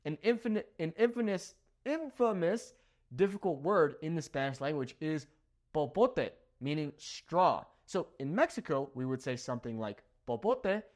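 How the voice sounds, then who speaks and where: A man's voice: fairly high pitch, animated, normal speed. A young man from Southern California, a native English speaker, giving a language lesson and checking in with "okay?" after nearly every point. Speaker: Spanish teacher.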